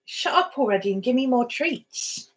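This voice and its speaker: A woman's voice: on the high side, lively intonation, normal speed, husky, rough recording. A woman voicing her pet dog as a cheeky, demanding female who wants treats. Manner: demanding, bratty.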